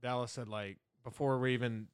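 A man's voice: mid-range voice, steady tone, fairly quick, clean tone. A man co-hosting a casual movie podcast in a jokey way, laughing often and slipping into silly character voices. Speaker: podcast co-host. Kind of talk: casual movie-review chat.

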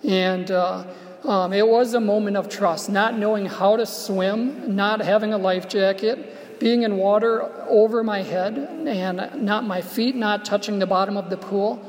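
A man preaching a homily, telling a personal story in a reflective way and slowing down softly on key phrases. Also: high-pitched, steady tone. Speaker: Catholic preacher. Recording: long church reverb.

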